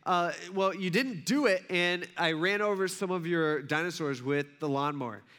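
A man's voice: sits high, normal speed, fairly bright tone. A man in his thirties preaching a sermon, telling a family story in a loose, conversational way full of fillers and restarts. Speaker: pastor.

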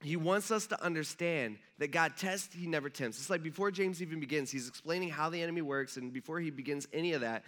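A man's voice: a little high, fast, few pauses, fairly bright tone. A man, a pastor, giving a conversational, joking sermon in a church and asking the audience questions.

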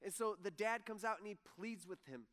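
A man's high, slightly bright voice moves a little fast as he preaches in a church hall with listeners present. Acting as pastor, he speaks in a conversational, casual style and impersonates the people he quotes.

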